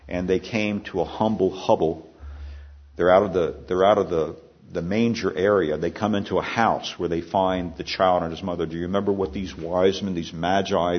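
A man's voice: low-pitched, breathy edge, dull audio. A man preaching a sermon in a conversational way, asking the congregation questions and restarting phrases as he goes. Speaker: pastor.

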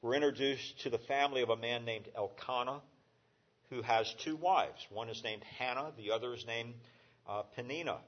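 Man, pastor, conversational sermon, halting with fillers, mid-pitched voice, dull lo-fi recording.

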